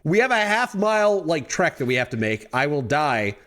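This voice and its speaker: A man's voice: fairly high pitch, sing-song, normal speed, a bit bright. A man from Texas with a Texan accent, playing a tabletop game and arguing his point animatedly. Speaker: player. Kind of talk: casual tabletop play.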